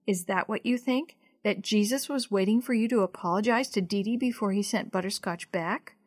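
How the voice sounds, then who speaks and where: Gentle mother, soft, low and quiet, read by a woman, dry sound. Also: normal speed, no room sound, close to an everyday voice. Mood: earnest. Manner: soft, gentle, turning stern. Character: gentle, caring mother of a young girl.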